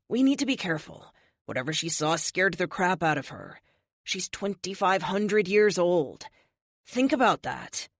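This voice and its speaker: A woman's voice: lowish voice, no echo, clean studio sound. A woman voicing a protective, earnest male friend who talks in a worried tone. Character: big loyal protective male best friend.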